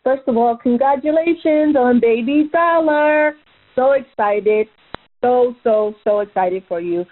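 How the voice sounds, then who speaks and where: A woman's voice: a little high, a little slow. A woman from Maryland leaving a bubbly, enthusiastic voicemail for a podcast. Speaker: caller. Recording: phone line.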